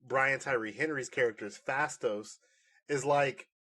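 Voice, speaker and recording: This is a man of middling pitch co-hosting a podcast and talking through a film review. He rambles and restarts, gets animated, and breaks into laughter now and then. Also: a little slow. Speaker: podcast co-host. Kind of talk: casual movie review chat.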